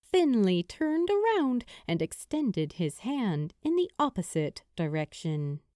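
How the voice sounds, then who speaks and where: A woman reading a fantasy novel aloud in a measured storytelling manner. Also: medium pitch, sing-song, warm tone, no echo, studio quality. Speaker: audiobook narrator. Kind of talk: scripted narration.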